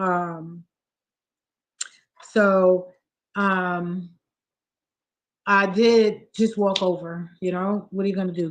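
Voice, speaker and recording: A soft-spoken woman hosting a live stream, chatting casually and close to tears. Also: fairly low pitch. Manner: emotional, on the verge of tears.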